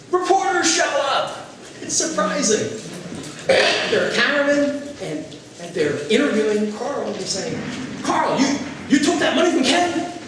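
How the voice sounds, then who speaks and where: A man delivers a campaign stump speech in a high voice that swings widely as he acts out quotes with animation. He is captured by a camera far across an echoey former classroom, with steady background noise. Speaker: political candidate. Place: former classroom at a local meeting.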